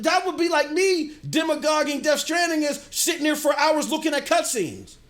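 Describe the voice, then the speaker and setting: A middle-aged man streaming games, ranting and answering his chat in an animated way. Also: very high voice. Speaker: gaming streamer. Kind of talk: livestream commentary, answering chat.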